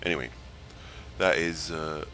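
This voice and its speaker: A man's voice: very deep voice, fairly even intonation, measured pace. A man giving casual, playful, rambling commentary while testing a game feature. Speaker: game vlogger. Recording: game music playing behind.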